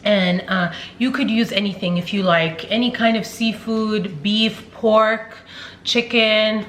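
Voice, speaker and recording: A woman's voice: medium pitch, fairly even intonation, takes it slowly, a bit bright, slight background noise. Chatty woman cooking at home. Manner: chatty, joking, talks to viewers while cooking. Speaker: home cook vlogger. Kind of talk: casual cooking vlog. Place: home kitchen.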